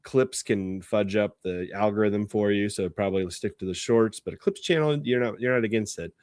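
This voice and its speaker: A man's voice: lowish voice, normal speed, darkish tone, no echo, studio quality. A man hosting a podcast in casual chat. He laughs often and restarts his sentences. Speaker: podcast host.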